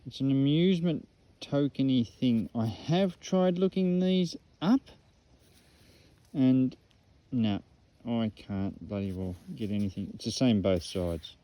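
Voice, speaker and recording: An Australian man excitedly showing off metal detecting finds at an old rubbish dump, in a casual outdoor vlog full of slang. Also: medium pitch, takes it slowly, no room sound.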